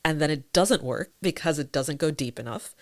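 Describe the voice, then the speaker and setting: A woman's voice: low voice, animated, normal speed, no echo. A woman hosting a podcast in casual chat, who laughs often and talks with animation. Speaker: podcast host.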